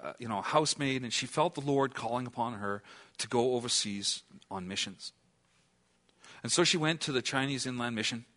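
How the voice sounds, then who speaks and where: Earnest male preacher asking questions. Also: medium pitch. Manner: earnest, asks the listeners questions, then drops to a hush. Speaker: pastor. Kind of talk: sermon.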